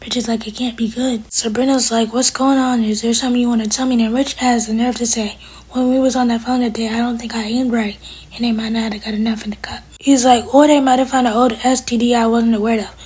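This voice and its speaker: A woman's voice: fairly high pitch, little pitch movement, fast, darkish tone, breathy edge. A woman giving a casual recap of a TV episode, retelling scenes by quoting the characters and adding sassy asides of her own. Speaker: TV episode reviewer.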